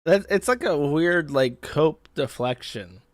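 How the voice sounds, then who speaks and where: A man's voice: on the high side, lively intonation, takes it slowly, dry recording, studio quality. Profane, mocking male streamer. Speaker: streamer host. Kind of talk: casual live-stream commentary.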